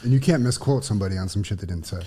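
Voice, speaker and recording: A man in a casual podcast chat, chiming in with short interjections and quick questions. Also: lowish voice, mellow, breathy edge.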